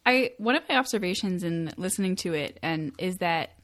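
Lively lower-voiced woman co-host. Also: a little fast, no room sound, studio quality. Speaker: podcast co-host. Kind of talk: casual chat.

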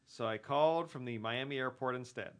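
A man's voice: medium pitch, a little fast, slight background noise. A man co-hosting a casual podcast, making dry asides and reading listener mail. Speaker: podcast co-host. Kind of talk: casual chat.

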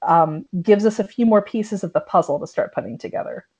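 A woman hosting a casual podcast discussion, animated and acting out quoted lines as she talks. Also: mid-range voice, a little fast, slightly rough. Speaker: podcast host.

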